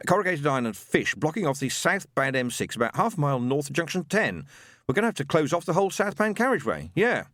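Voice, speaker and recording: A man voicing a police constable giving a brisk, businesslike radio report. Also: on the high side, very animated, fairly bright tone, no room sound, studio quality, pitched above the performer's own voice. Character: matter-of-fact male police constable on the radio.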